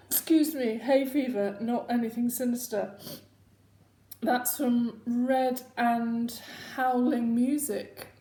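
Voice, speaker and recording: A woman's voice: on the high side, steady tone, takes it slowly, dark tone. A woman hosting her own casual video chat, rambling and self-mocking as she talks at home. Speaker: host. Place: home room. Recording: echoey home room.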